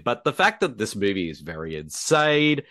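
A man hosts a podcast in an easy, chatty way and laughs often. His pitch swings widely as he talks, and his voice sits dry and close to the mic with no room sound. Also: big pitch swings, moderate pace, bright, forceful tone, no echo. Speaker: podcast host. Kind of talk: casual podcast chat.

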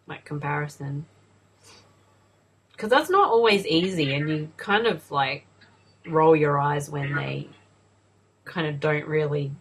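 Australian woman co-host, husky, low, loose swearing movie chat. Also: poor audio. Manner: swearing, laughing, filler-heavy chat. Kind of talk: casual movie watch-along commentary.

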